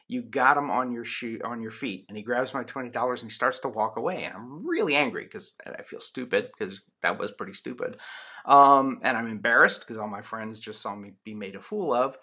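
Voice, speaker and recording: A man's voice: mid-range voice, animated, fairly quick, sharp tone, slightly rough. A man lecturing on sociology in a loose, chatty way, with many ums and restarts. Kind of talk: recorded lecture with personal anecdote.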